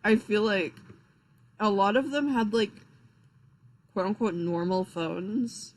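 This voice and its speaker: A man's voice: high-pitched, slow, rough recording. A young man chatting casually on a live stream, rambling and swearing, with lots of fillers and restarts, sounding tired. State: tired, yawning.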